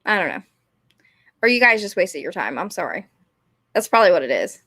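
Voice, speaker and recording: A woman's voice: lowish voice, big pitch swings, fairly quick, fairly bright tone, slightly rough, dry recording, studio quality. A young woman, ranting casually and rambling, often apologizing and putting herself down. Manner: rambling, apologetic, self-deprecating. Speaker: vlogger.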